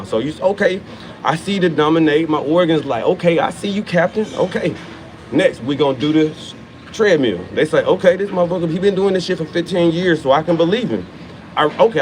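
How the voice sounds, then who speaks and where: In a low-quality recording with slight background noise, a man in his thirties with a somewhat high voice delivers a motivational monologue about training. As a fitness motivator, he's profane and emphatic, repeating key lines for effect.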